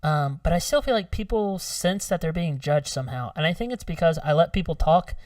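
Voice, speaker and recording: A podcast co-host man with a slightly higher voice, chatting in a dry, reflective way. The recording is dry, with him set back from the mic. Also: animated, brisk, a little mellow, no echo, recorded from a distance. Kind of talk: casual chat.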